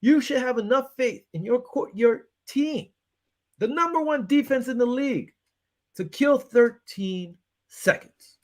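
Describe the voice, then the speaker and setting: This man's voice is very high and unhurried, with a Western New York accent. Hosting a casual sports show, he's frustrated and fired up, animatedly ranting as he analyzes a game and acts out his phone calls through quoted exchanges.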